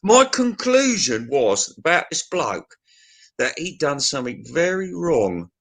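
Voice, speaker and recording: A middle-aged man rants through a casual stream chat, swearing freely as he spins his stories. His voice sits a little high and sounds bright and forceful. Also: big pitch swings, unhurried. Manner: sweary, ranting storyteller.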